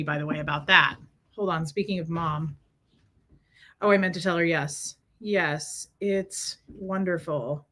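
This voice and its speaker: A woman's voice: on the low side, sharp tone. A woman chatting casually on a livestream, rambling from story to story and greeting viewers by name.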